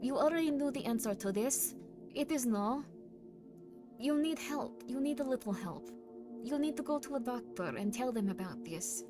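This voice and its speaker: A fairly high-voiced woman hosting a casual livestream, chatting with her viewers in a teasing, playful way. She sometimes pushes hard with loud, insistent demands. Clear background music plays under her voice throughout. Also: lively intonation, normal speed. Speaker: livestream host. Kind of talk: casual livestream chat reading viewer messages. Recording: stream with music playing underneath.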